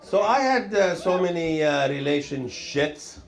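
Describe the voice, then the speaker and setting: A man performs stand-up comedy in a rambling, meandering way. His voice sits high for a man, and he chuckles as he talks, often trailing off into hesitant pauses before landing the joke. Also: animated, crowd noise. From Lebanon. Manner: rambling, chuckling through lines, many hesitations. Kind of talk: stand-up routine.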